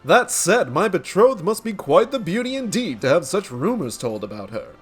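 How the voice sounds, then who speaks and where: A man's voice: high voice, sing-song, normal speed, slightly rough, soft background music, pitched above the performer's own voice, full character voice. A man voicing an arrogant, spoiled rich young man with a haughty drawl.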